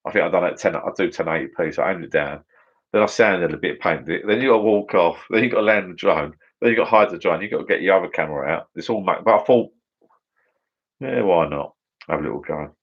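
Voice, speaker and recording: Low-voiced chatty English man. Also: fast. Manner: chatty, rambling, matey. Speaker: livestream host. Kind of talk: casual live chat reading viewer comments. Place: garden bar shed. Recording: dull lo-fi livestream audio.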